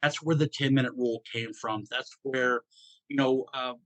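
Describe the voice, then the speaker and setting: A middle-aged man from Georgia, a podcast host telling a personal story in a halting, emotional way with many restarts. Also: mid-range voice, fairly even intonation, fairly bright tone, dry recording.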